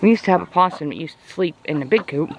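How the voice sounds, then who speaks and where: Chatty man on a farm, slightly high. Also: expressive, fast, slight background noise. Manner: rambling and chatty, many fillers. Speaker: farm vlogger. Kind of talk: casual walk-around vlog. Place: outdoors on a farm in cold weather.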